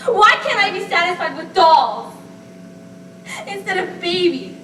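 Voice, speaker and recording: A woman on a school stage playing a fragile, childlike grown daughter who pleads emotionally with a voice that keeps breaking, taken from a distant, echoey stage recording with clear hiss. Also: extremely high pitch, animated, unhurried, a bit bright, heavily acted. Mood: desperate. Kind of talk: amateur stage acting.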